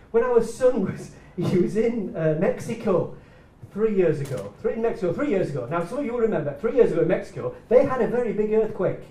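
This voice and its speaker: A man preaching a sermon, swinging between loud excited bursts and quiet hushed lines. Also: high voice, brisk, distant mic. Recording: echoey room, speaker away from the mic.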